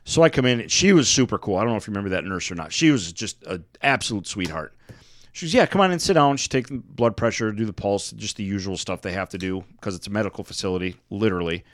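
Man, low voice, casual podcast chat, profane storyteller, dry close sound. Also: quick pace, no room sound. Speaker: podcast co-host.

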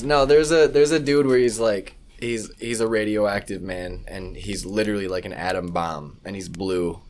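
A man co-hosting a casual podcast, talking in a lively, joking way and swearing freely. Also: fairly low pitch, moderate pace, few pauses. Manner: lively, swearing, laughing often, animated storytelling. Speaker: podcast co-host. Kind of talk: casual chat.

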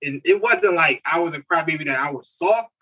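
A man from Newark, telling animated stories in slangy casual chat and laughing often. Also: fairly high pitch, fairly quick, breathy edge. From Newark, New Jersey. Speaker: podcast co-host. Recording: distant, dull lo-fi mic.

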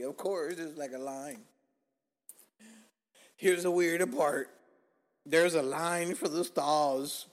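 A young podcast host spins a lengthy story, talking loosely and cursing often. Whenever he performs his own lines, he either whispers or leaps higher in pitch.

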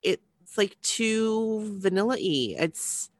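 Over a glitchy internet call, a woman co-hosting a podcast chats casually, restarting her sentences often. Her mid-range voice is expressive and very slow, and the recording is dry.

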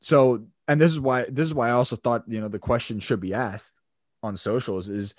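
A man's voice: medium pitch, fairly even intonation, normal speed, dry recording, clean studio sound. A man co-hosting a casual football podcast, chatty and rambling, with frequent restarts. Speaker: podcast co-host.

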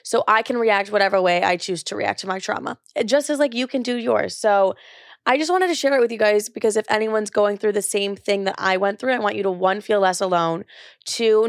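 A woman's voice: mid-range voice, dry recording, clean studio sound. A young woman in her twenties hosting her own podcast, chatting casually and swearing freely, with lots of "like" fillers. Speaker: podcast host. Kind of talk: casual confessional podcast chat.

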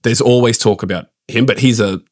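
A man's voice: medium pitch, brisk, no echo, studio quality. A man co-hosting a casual cricket podcast, opinionated and launching into rants. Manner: opinionated, ranting. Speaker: podcast co-host.

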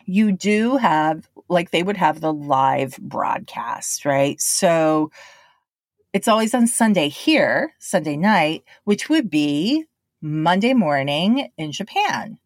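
A woman's voice: on the low side, animated, slow, no echo, clean studio sound. A woman telling a casual anecdote in a chatty way, often adding "right?" and "you know". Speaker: storyteller.

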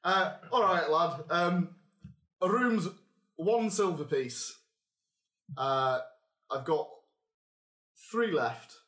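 A man's voice: a little high, expressive, extremely slow, long pauses, a bit bright, echoey room, pitched above the performer's own voice, heavily acted. A man voicing a blunt, jovial male halfling barkeep with a Northern English accent, dropping words and calling people lad. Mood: gruff.

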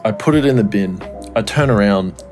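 Over soft background music, a man co-hosting a podcast spins a long, meandering story, swearing often and performing people's lines. His voice sits on the low side with a darkish tone and a moderate pace.

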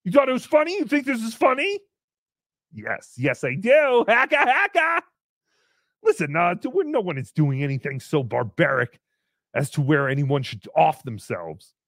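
Man playing a bratty puppet host: high swooping voice, crude sarcastic stream banter, dry close sound. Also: sing-song, unhurried, a bit bright, dry recording, heavily acted. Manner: sarcastic, crude, mock-outraged asides. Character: brash foul-mouthed male puppet show host. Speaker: livestream host reading paid messages. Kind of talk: live-stream character chat.

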